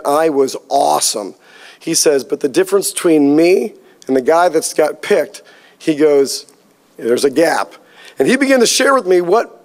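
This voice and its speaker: A man preaching a sermon, telling a lively personal story and acting out the dialogue. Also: high voice. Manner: storytelling, animated, acts out quoted dialogue. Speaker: pastor.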